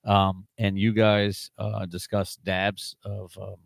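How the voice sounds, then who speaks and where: Guest, man, very low voice, loose rambling storyteller, dry close sound. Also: completely flat delivery, slow, gravelly, dry recording. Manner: rambling, crude anecdotes, dropping low at times. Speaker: podcast guest. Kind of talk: casual chat.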